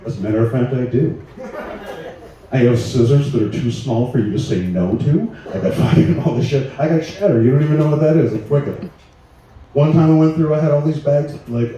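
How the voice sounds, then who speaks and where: Profane stand-up comedian in an echoey room. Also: male voice, medium pitch, a little fast, warm tone. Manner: loose, profane, laughing through his bits. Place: small live venue with an audience. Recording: echoey room, mic heard from a distance, faint noise.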